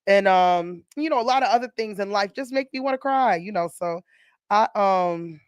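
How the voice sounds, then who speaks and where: A woman's voice: medium pitch, normal speed, clear, resonant tone, dry recording. A woman radio host with a Southern US accent, talking in a casual, emotional way and laughing easily. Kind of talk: casual talk radio chat.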